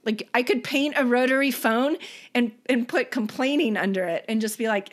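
A woman's voice: a little high, animated, normal speed. A woman artist and author chatting as a podcast guest, enthusiastic and filled with ums and likes. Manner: enthusiastic, uses many fillers. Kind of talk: casual interview chat.

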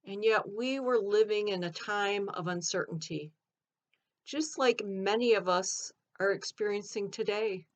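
A woman takes on Mary Magdalene, recounting events in an earnest, expressive way and building to emphatic outbursts. She speaks slowly at a middling pitch. The recording sounds dull and lo-fi. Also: lightly acted. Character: earnest adult Mary Magdalene retelling her story. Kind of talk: first-person dramatic monologue.

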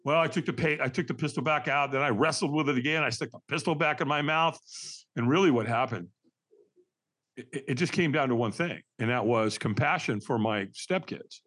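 A man in his sixties, a podcast guest, tells a candid personal story in an animated, emphatic way and laughs through hard memories. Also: mid-range voice, brisk, slightly rough.

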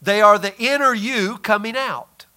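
Bright high-voiced male preacher. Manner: asks the listeners questions and answers them himself; drawls some phrases slowly for emphasis. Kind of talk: sermon.

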